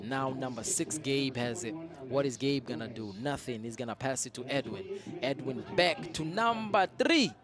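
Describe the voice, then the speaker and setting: A man giving casual, opinionated live play-by-play commentary on an amateur soccer match, breaking into excited shouts when a team attacks. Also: mid-range voice, normal speed, crowd noise. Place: outdoors at a soccer field.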